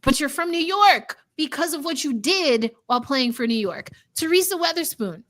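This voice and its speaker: Bright, high-pitched woman, animated. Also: normal speed. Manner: animated, emphatic, playful. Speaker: podcast co-host. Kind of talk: casual sports chat.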